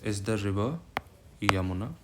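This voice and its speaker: Here a man with a lowish voice and an Indian English accent lectures on geography for exams at a moderate pace. He code-switches between English and Hindi, frequently adds "right?", and is recorded amid loud background noise with clicks.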